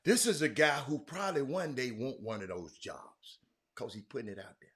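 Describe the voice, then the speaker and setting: A man hosting a sports talk show, speaking emphatically, swinging between loud outbursts and low asides. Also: big pitch swings, moderate pace. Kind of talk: animated sports talk commentary.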